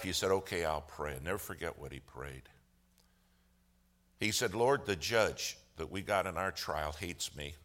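A man, a lawyer by trade, telling a story in a sermon. He acts out the other people's lines with humor and gets loud at key moments. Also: deep voice. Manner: animated storyteller, acts out quoted voices with humor. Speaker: lawyer giving a testimony.

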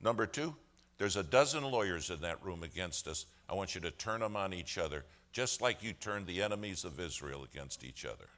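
Man, lawyer preaching, story sermon, low voice, forceful, acts out voices, loud bursts. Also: a little fast. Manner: animated storyteller, acts out quoted voices with humor. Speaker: lawyer giving a testimony.

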